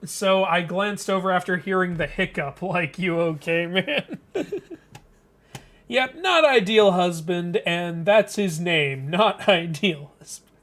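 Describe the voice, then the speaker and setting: Speaking slowly in a high voice with a fairly bright tone, the host reads a webcomic on a live stream. His casual commentary is chatty, and he laughs often and jokes about the story.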